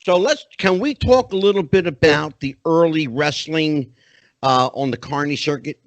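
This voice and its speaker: A man's voice: fairly high pitch, normal speed, no echo. A middle-aged man hosting a podcast interview, chatty and often rephrasing himself. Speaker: podcast host.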